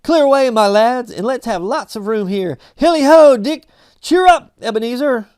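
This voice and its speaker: A man's voice: very high voice, lively intonation, normal speed, darkish tone, clean tone, dry recording, studio quality, pitched above the performer's own voice. A man voicing a jovial, stout old male employer who calls out heartily. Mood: exuberant.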